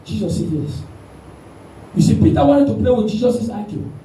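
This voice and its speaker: A man preaching a sermon with animated call-and-response, recorded in a church hall with the mic at a distance. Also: sits high, moderate pace, slight background noise. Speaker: pastor. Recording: echoey room, mic at a distance.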